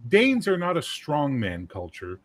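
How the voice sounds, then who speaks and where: A man's voice: a little high, huge pitch swings, measured pace, fairly bright tone, slight background noise. A man in casual chat, blunt and profane, telling stories and acting out quotes.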